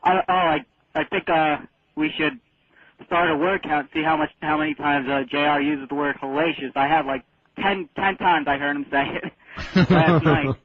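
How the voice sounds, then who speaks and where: A man's voice: a little high, steady tone, moderate pace. A man calling in to a radio show, chatting and griping with a laugh. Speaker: caller. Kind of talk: call-in chat. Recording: tinny phone line.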